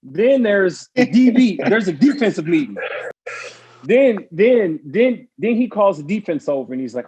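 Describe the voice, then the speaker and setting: A former pro football player telling a story in casual chat, animated and laughing as he acts out the people in it. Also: sits high, a little slow, husky. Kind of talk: casual storytelling on a panel show.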